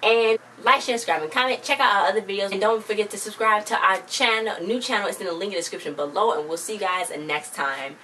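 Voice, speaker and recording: A woman's voice: medium pitch, sharp tone. Rambling young woman recapping a show. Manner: rambling, quotes characters in quick succession. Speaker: vlogger recapping a TV episode. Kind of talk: casual chat recap. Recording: distant mic with faint background noise.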